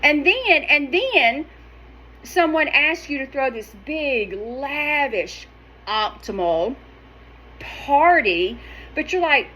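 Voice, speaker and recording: A middle-aged woman, talking straight to her viewers in a sassy, animated, emphatic way. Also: high voice, slow pace, rough recording. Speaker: wellness vlogger. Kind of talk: casual direct-to-camera talk.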